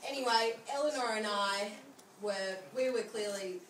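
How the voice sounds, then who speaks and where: A woman's voice: mid-range voice, normal speed. A young woman giving a humorous birthday speech, telling stories and laughing often as she speaks. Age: young adult. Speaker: speech giver at a friend's 21st birthday. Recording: echoey room, mic far off, noisy.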